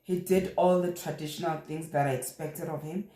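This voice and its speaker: A young South African woman telling a personal story in a lively, animated way, with frequent exclamations. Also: low-pitched, normal speed. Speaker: vlogger. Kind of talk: casual storytelling. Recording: echoey room.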